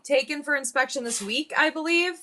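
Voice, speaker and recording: A middle-aged woman from upstate New York hosts a live online sale, chatting fast and nonstop with her viewers. Her voice sits a little high and sounds bright and forceful. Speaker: online auction seller. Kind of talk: live-stream selling chat.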